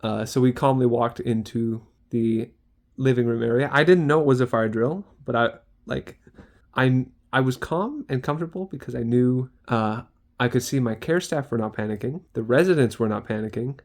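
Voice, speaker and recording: A man's voice: medium pitch, darkish tone. A young man, a student care worker, chatting casually in a vlog diary, rambling and acting out sounds.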